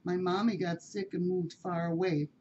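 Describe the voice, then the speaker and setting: A gracious, very old lady cat from a storybook, speaking slowly and properly in a low, mellow voice , as a woman reads her part. The sound is dull and lo-fi, with faint hiss behind it. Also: steady tone, natural voice. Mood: gentle. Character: very old dignified female cat.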